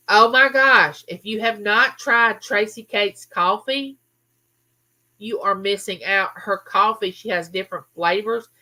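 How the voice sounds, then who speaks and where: A woman hosting a casual live chat, chatting with viewers and reading out their comments. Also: mid-range voice. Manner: chatty, animated, talks straight to viewers. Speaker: livestream host.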